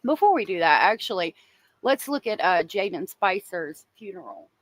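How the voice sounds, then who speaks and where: A woman's voice: on the low side, big pitch swings, normal speed, no echo. A woman hosting a true crime livestream, talking casually and emotionally and answering viewers in the chat.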